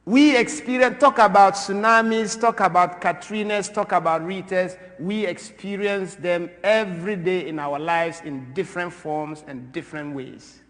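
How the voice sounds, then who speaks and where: A man's voice: high voice, moderate pace, hardly any pauses. Impassioned Ghanaian man in a church. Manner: animated, swings from loud to soft. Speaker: speaker at a church. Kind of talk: impassioned talk. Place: large church. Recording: long reverb of a large church.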